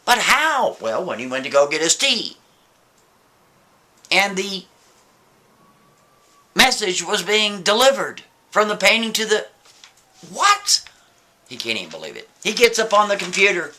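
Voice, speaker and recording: Animated, bright-voiced male storyteller. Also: high-pitched. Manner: animated, addresses the listener directly. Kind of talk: casual spoken storytelling.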